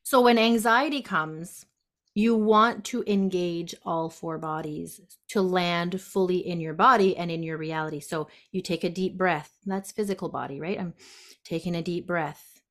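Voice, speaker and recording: A woman guest on a podcast, gently explaining step by step how to handle anxiety, acting out the inner voice. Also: fairly low pitch, measured pace. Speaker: guest, intuitive health practitioner. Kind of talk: casual podcast conversation. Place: sunroom at home.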